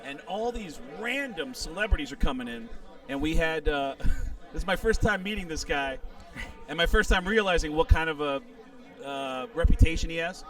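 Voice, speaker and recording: Man, comedian guest, high voice, animated storytelling, swears a lot, mic set back. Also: normal speed, recorded from a distance. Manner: animated anecdote teller, swears freely. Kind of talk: casual storytelling.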